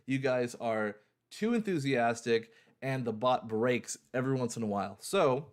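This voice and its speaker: A young man hosting a livestream in a casual, upbeat way, repeating his phrases like an auctioneer. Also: mid-range voice. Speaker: livestream host.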